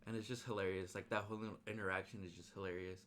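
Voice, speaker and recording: A young man recapping a film in a casual, excited ramble, full of slang and fillers. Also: low voice, racing, slight background noise. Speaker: movie reviewer.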